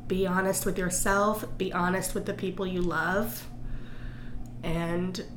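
Chatty woman in an echoey room. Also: medium pitch. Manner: chatty, teasing, laughs a lot. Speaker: podcast co-host. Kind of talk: casual chat. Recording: echoey room with background noise.

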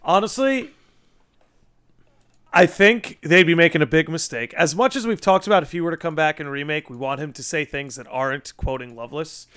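A man's voice: fairly high pitch, fairly bright tone, clear, resonant tone. A man co-hosting a podcast in casual chat, opinionated and arguing his point. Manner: opinionated, makes his case in quick asides. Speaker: podcast co-host.

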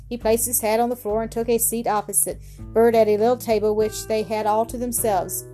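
A woman's voice: fairly high pitch, flat delivery, a little fast, warm tone, faint music behind. A woman narrating a story aloud, reading steadily with small restarts. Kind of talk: audiobook reading.

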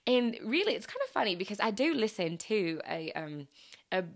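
A woman's voice: mid-range voice, very animated, a little fast. A young adult woman, a former teacher hosting a podcast, chatting casually and laughing often with loose, rambling restarts. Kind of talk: casual chat.

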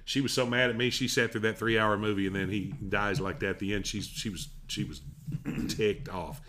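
A man's voice: fairly low pitch, fairly even intonation, moderate pace, fairly bright tone, a little hiss or hum. A middle-aged man, chatting casually and laughing as he tells stories and acts out quotes. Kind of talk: casual chat.

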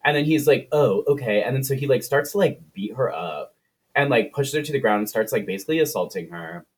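A man's voice: medium pitch, lively intonation, a little fast, husky. A man co-hosting a podcast, retelling a film plot in casual, profane chat and briefly putting on voices for the characters. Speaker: podcast co-host.

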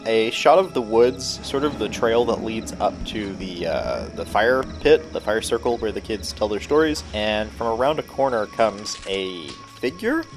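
A man's voice: lowish voice, very animated, measured pace, hardly any pauses, music in the background. A man co-hosting a podcast, recapping an episode in casual chat with dry, detailed asides. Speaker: podcast co-host.

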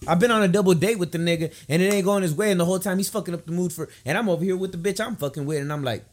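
A young man hosting a casual podcast, telling a story with lots of profanity and dropping into a low, confiding tone. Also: rapid-fire. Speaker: podcast host.

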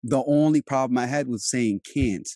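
Man, casual rambling chat, dark mellow tone, dry close sound. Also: medium pitch, a little fast, no room sound. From Europe. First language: Turkish. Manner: loose and rambling, lots of "like" and restarts. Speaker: actor and host. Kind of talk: casual conversation.

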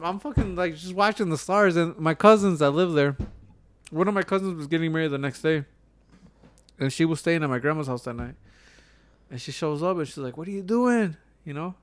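Young man, from Chicago, casual profane storyteller, somewhat high voice, smooth resonant tone, dry close recording. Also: no echo. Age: young adult. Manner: rambling, profane storytelling with many restarts. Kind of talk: casual chat.

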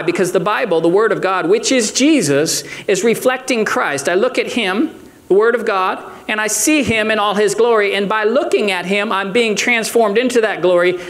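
A man in his forties delivers a sermon in a high, bright-sounding voice. He swings between wry, self-mocking asides and rising, shouted declarations. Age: 40s. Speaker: pastor.

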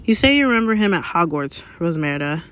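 Woman reading as a strict older teacher lady, crisp and clipped, storybook. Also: lowish voice, sing-song, brisk, a bit bright. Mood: stern. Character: stern older female teacher, sharp. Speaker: reader. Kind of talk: read-aloud audiobook.

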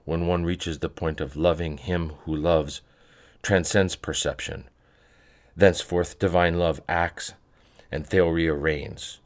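A man reading spiritual letters aloud in a measured, reverent way. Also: low-pitched. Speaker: podcast reader of monastic letters.

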